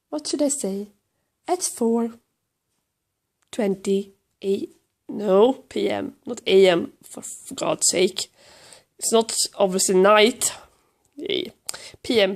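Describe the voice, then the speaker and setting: A hoarse woman with a Swedish accent, lying on her couch at home with a cold, chatting casually to the camera and baby-talking to her cat in a rambling, self-mocking way. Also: mid-range voice, slow, pauses often, a little mellow. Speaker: vlogger filming her cat.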